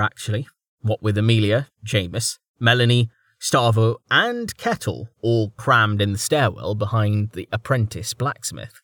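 A man narrating a fantasy audiobook in a calm, measured storytelling voice. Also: on the low side, dry recording, clean studio sound. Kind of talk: scripted narration.

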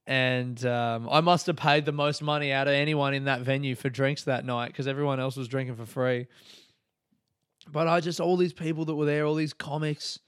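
A man's voice: medium pitch, fairly even intonation, normal speed, a bit bright, clean tone, dry recording, studio quality. A man, a comedian hosting his podcast, telling meandering, profane, nostalgic stories in a casual monologue.

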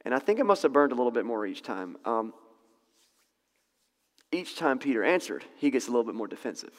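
A man teaching a Bible passage in a relaxed, conversational way, correcting himself and laughing in asides. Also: medium pitch, fairly quick, long reverb tail.

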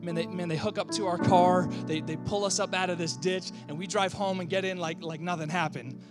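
A male pastor preaching a sermon, calling out to the congregation, swinging from loud outbursts to quiet, close talk. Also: high voice, brisk, music in the background. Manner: animated, swings between shouting and quiet; talks back and forth with the congregation.

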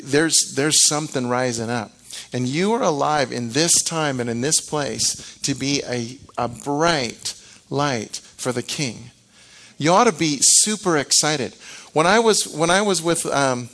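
A middle-aged man delivering a lively sermon, his pitch sitting in an ordinary middle range. He acts out the reactions of the people he describes and often repeats the start of a phrase before carrying on. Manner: animated, acts out quoted reactions, frequent restarts. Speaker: preacher.

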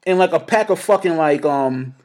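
A young man co-hosting a casual podcast chat, telling a story with lots of laughter and animated energy. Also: on the high side, normal speed. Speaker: podcast co-host.

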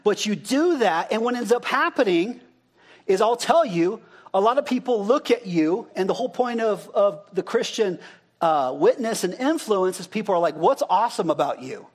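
A man's voice: high voice, lively intonation, normal speed. A male pastor giving an interactive sermon, talking casually and asking the congregation questions, then repeating their answers back.

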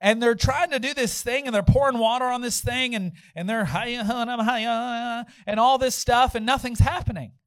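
Male pastor, high expressive voice, dry sound, storytelling sermon. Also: brisk, few pauses, dry recording, rough recording. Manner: animated storyteller, acting out quotes with shouts.

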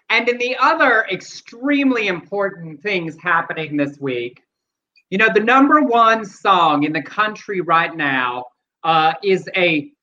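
A man with a high, sharp, bright voice co-hosts a loose comedy chat, delivering punchlines with a dry, deadpan touch. The sound is a little muffled and lo-fi. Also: a little hiss or hum. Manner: wry, deadpan delivery of jokes and read-out quotes. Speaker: co-host.

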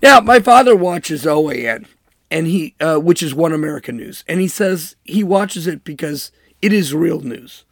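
A man's voice: fairly high pitch, animated, moderate pace, fairly bright tone, no room sound, studio quality. A man hosting a political commentary show, talking in an emphatic, sarcastic monologue and mocking with air quotes. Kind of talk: opinionated monologue.

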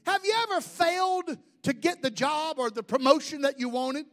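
A man in his fifties, a pastor preaching an animated sermon full of rhetorical questions. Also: very high-pitched, normal speed.

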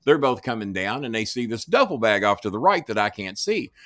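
A man's voice: fairly low pitch, big pitch swings, fairly quick, a bit bright, no room sound, studio quality. Profane man spinning a wild story. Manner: profane, acts out dialogue in voices. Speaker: podcast guest. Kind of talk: animated storytelling.

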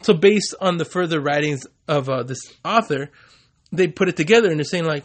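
Man, casual podcast chat, constant swearing, stumbling delivery, slightly high pitch. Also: brisk. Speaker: podcast co-host. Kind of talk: casual chat explaining word origins.

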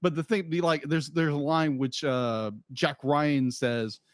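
A podcast co-host chats loosely, rambling, restarting sentences and tossing in asides. His slightly high voice stays steady and unhurried, captured in a dry, close recording.

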